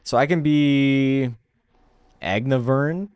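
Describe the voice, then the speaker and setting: A man's voice: medium pitch, slow, a little mellow, clean tone, no room sound, highs cut off. A man casually commentating a game stream, reading game text aloud with wry, offhand remarks.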